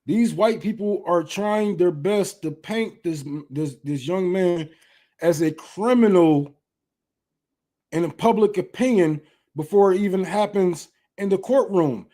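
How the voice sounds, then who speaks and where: Blunt, profane man with a high voice. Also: a little slow, warm tone. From Detroit. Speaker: livestream host. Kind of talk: casual livestream commentary.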